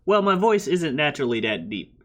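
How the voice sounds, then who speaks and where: A man co-hosting a podcast in casual chat, animated and laughing often. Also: on the high side, fairly quick. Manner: animated and laughing, with lively voice swings. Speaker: podcast co-host.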